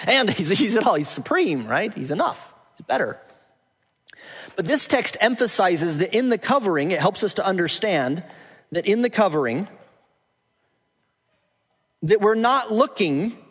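A man preaching a sermon, teaching from Scripture and building to emphatic, forceful points. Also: sits high, breathy edge. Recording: long hall reverb.

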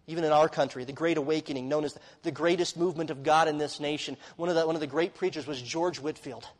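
High-voiced earnest male preacher. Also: big-room sound, poor audio. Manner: earnest preaching with swings from loud emphasis to hushed tones. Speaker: pastor. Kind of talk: sermon.

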